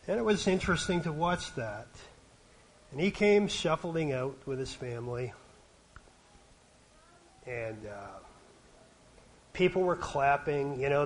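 A middle-aged man from Canada preaching a sermon, his voice sometimes dropping to a hush. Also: medium pitch, a little hiss or hum, rough recording. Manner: varies loudness, dropping to a hush at quiet points.

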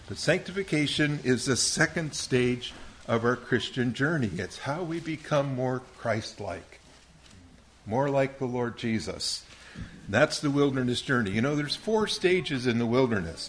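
A man's voice: medium pitch, a little hiss or hum. Man teaching a Bible lesson. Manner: quizzing, patient, calls on listeners by name. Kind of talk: Bible lesson with questions to young listeners.

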